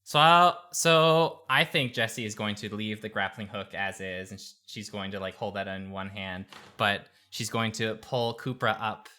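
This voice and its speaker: A man playing a tabletop role-play game, musing aloud with hums and pauses as he describes his character's moves. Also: on the low side, bright, forceful tone. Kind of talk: casual role-play chat.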